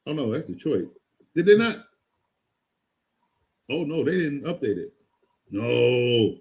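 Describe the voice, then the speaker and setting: A man hosting a live fantasy football stream, excitable and rambling, going from loud hype to low mutters. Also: slow pace. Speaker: fantasy football show host. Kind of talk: casual live-stream talk.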